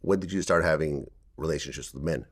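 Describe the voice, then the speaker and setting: A man with a very deep voice hosts the interview. He asks short prompting questions at a quick, lively clip. The sound is close and dry. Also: no echo. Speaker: interview host.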